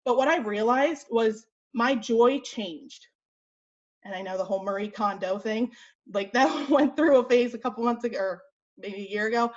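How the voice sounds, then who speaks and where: A young woman with a fairly high voice leads a motivational team call as a fitness coach, sounding slightly out of breath. She's blunt and chatty, dropping fillers quickly, and the recording is lo-fi.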